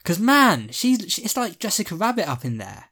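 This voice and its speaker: Animated, swearing man in casual chat. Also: high-pitched, moderate pace. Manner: animated, swearing, acts out character quotes. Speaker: podcast co-host.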